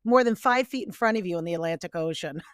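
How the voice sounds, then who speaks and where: A woman hosting a podcast from New England, chatty and quick to laugh. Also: fairly low pitch, no echo, studio quality. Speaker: podcast host. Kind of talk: casual interview chat.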